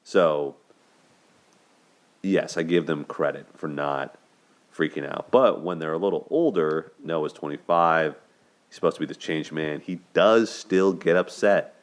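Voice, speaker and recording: A man's voice: a bass voice, measured pace. A young man hosting a solo video, talking through a film's relationships in an earnest, conversational way. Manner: earnest, conversational, repeats words when restarting. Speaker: host discussing relationships.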